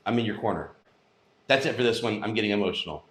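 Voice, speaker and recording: A man's voice: lowish voice, quick pace, a bit bright, echoey room, slight background noise. A man hosting a news commentary show, speaking in an impassioned, emphatic way. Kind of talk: opinion commentary monologue.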